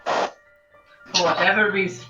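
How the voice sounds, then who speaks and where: A woman's voice: mid-range voice, steady tone, slow pace, lo-fi sound, music in the background. A woman playing a tabletop game on a voice call, matter-of-fact and asking practical questions. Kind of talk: casual game chat. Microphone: headset on a voice call.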